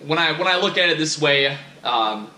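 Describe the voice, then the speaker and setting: A man's voice: a little high, lively intonation, normal speed, bright, forceful tone. Rambling, profane man in an echoey room. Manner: rambling, profane, self-critical. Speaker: vlogger. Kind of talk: casual rambling monologue.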